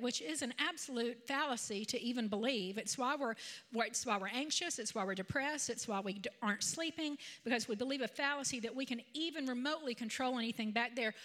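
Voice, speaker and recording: Woman preacher in her 50s, bright tone, conversational sermon delivery. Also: on the high side. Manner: conversational, animated storytelling with asides. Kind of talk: sermon with personal storytelling.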